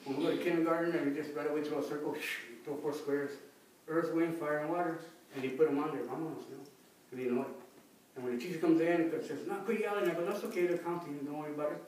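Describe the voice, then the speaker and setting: A man's voice: a little high, steady tone, fast, a little mellow. Man, folksy, repeats "you know", leads chants, distant mic, echoey room, faint noise. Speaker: speaker teaching Aztec calendar names. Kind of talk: talk with call-and-response chanting. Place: record shop event space.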